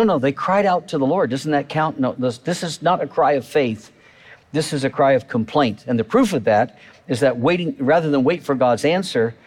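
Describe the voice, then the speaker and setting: A man preaching a sermon in a conversational way, full of fillers and restarts, acting out quoted voices. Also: a little mellow. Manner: acts out quoted voices with rising pitch. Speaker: pastor.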